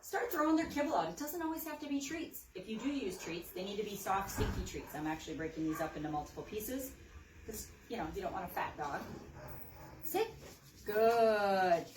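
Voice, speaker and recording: A woman dog trainer giving an upbeat hands-on demo, calling out sharp high praise to a dog as she works. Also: animated, a little fast, background noise. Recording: roomy, mic at a distance.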